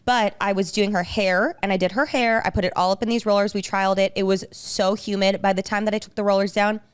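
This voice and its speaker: A woman with a smooth, clean voice chats on a podcast, telling an animated story about her work as a hair and makeup artist. She acts out the lines of the people in the story, at an ordinary middle pitch. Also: fast. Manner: animated storyteller acting out quoted dialogue. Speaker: podcast co-host. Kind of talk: casual chat.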